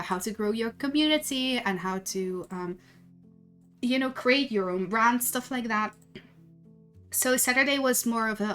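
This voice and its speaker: Dutch woman streamer, rambly storyteller, bright tone, faint music underneath. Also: a little high. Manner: rambling, chatty, many restarts. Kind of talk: casual stream chat, storytelling. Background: faint background music.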